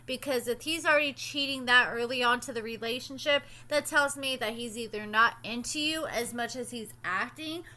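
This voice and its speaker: Bright high-voiced sassy woman host. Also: moderate pace, few pauses. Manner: chatty, opinionated, sassy asides. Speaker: reality TV commentary host. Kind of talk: casual recap and commentary.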